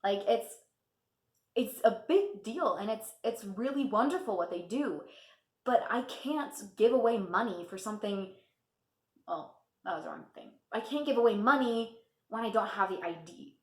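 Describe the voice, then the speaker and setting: A woman's voice: mid-range voice, lively intonation, moderate pace, darkish tone. Chatty young woman in an echoey room. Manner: chatty, laughs often, lots of fillers. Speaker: vlogger. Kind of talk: casual storytime vlog.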